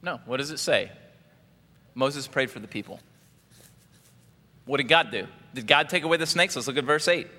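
A male pastor preaching a sermon in an animated way, often asking the congregation questions. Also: medium pitch, normal speed, pauses often. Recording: reverberant hall.

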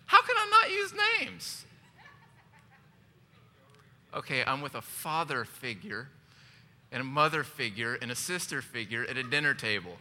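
A man's voice: medium pitch, huge pitch swings, moderate pace, sharp tone. A male pastor preaching a sermon in a church, joking, telling a personal story and asking the congregation questions. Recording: long hall reverb, faint background noise.

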